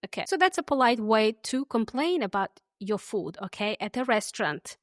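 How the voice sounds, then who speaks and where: A woman hosting an English lesson podcast, friendly and easygoing, who says example phrases slowly and repeats them for listeners to copy. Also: on the high side, expressive, no echo, studio quality. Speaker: English teacher and podcast host.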